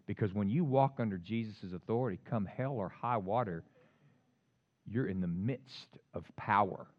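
A man preaching a sermon, swinging between loud emphatic lines and quiet asides. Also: lowish voice, normal speed, lo-fi sound. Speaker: pastor.

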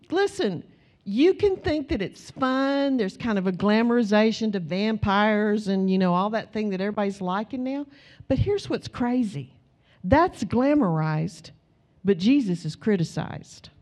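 Animated, chatty woman preacher. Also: on the high side. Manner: conversational, animated storytelling, many "you know"s. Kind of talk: sermon.

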